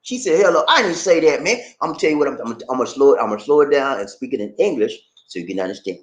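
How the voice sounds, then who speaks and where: Lively Gullah-accented man chatting. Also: mid-range voice, rapid-fire, lo-fi sound. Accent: Gullah Geechee, South Carolina Lowcountry. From Charleston, South Carolina. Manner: animated, laughing, repeats slang like "man" and "baby". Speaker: vlogger. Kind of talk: casual chat to camera. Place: Philippines.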